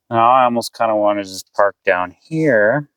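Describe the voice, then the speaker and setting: A man's voice: lowish voice, a little slow, a bit bright, clear, resonant tone, no echo, low-quality recording. A man chatting casually to his viewers in a vlog, rambling and thinking aloud as he plans his route. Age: adult, past eighteen. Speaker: vanlife vlogger. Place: inside his camper van.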